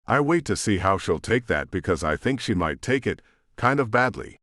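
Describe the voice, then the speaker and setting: A man narrating a first-person romance audiobook in a relaxed, conversational way, close to the mic. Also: fairly low pitch, moderate pace, no room sound.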